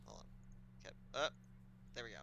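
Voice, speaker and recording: A man running a tabletop game online, with a very bright, forceful voice and faint hum behind him. He explains rules patiently and hums and haws while checking notes. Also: a little fast, rough recording. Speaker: game master.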